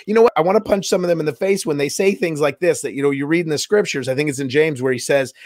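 A man's voice: on the high side, fast, few pauses, no echo, studio quality. Playful man hosting a faith podcast. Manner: playful teasing, mock-quoting people. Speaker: podcast host. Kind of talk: casual faith podcast chat.

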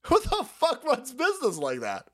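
Stream host, male, foul-mouthed and sarcastic; a lively, up-and-down delivery. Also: moderate pace. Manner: sarcastic, swears a lot, pitch swings widely. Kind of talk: profane political rant.

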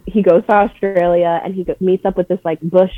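A young woman in casual chat, talking fast with lots of fillers, blunt and swearing freely. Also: fairly low pitch, little pitch movement, dry recording, phone-quality sound.

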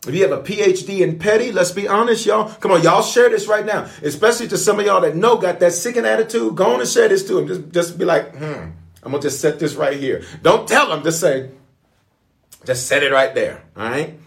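A man preaching as a pastor, in a lively call-and-response sermon style. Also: sits high, fairly quick, vocal fry. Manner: call-and-response, animated, playful.

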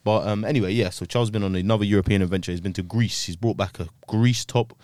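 A man's voice: fairly low pitch, steady tone, a little mellow, no room sound, studio quality. A young man hosting a casual football podcast, bantering with slang. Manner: fast banter with slang and laughs. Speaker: podcast host.

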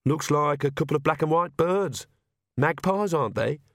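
A bashful young witch, as a male narrator raises his voice for her in a storybook reading. She speaks a little higher than the narrator, halting and mumbling. The sound is dry and close. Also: lively intonation, no echo. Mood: hesitant. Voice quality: hesitant, mumbling. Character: shy, awkward young woman witch.

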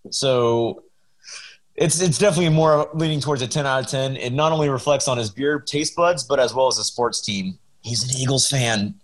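A man of middle pitch needles his friends with playful, mischievous questions. His delivery is loose and chatty, full of fillers. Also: normal speed. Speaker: podcast co-host. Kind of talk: casual teasing banter.

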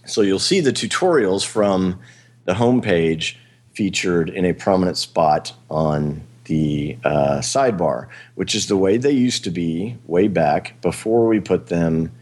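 Low-voiced man chatting on a podcast. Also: unhurried, a little mellow. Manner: rambling, hesitant, frequent fillers and laughs. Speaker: podcast host. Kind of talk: casual chat.

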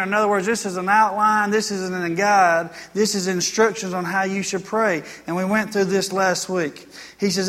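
A man's voice: high voice, steady tone, moderate pace, fairly bright tone, in a large hall. A man preaching a sermon as pastor, earnest and folksy, repeating phrases for emphasis.

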